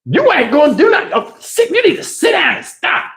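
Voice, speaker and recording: A flamboyant, sassy grown man, as a man puts him on, shrill and exasperated as he talks back. The voice leaps high and bounces around wildly. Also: big pitch swings, fairly quick, vocal fry, fairly bright tone, exaggerated voice.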